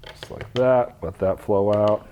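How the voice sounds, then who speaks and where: A man, a craft instructor, talking through an epoxy resin demonstration step by step in a relaxed way. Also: on the low side, unhurried, muffled recording, slight background noise.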